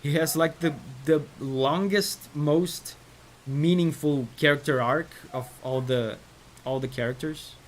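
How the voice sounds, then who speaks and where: A man's voice: a little high, fairly even intonation, unhurried, a little hiss or hum. A male gaming streamer gives chatty, enthusiastic let's-play commentary, laughing often and reading out chat messages. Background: game music.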